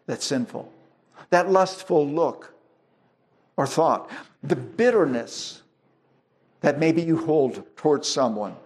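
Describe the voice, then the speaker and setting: A male pastor delivering a sermon at an unhurried, measured pace. His voice sits in an ordinary middle register, and he works through his points with plain everyday illustrations, sometimes stopping and restarting a phrase before pressing on. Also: mid-range voice, darkish tone. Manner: slow, deliberate preaching with homely illustrations and restarts.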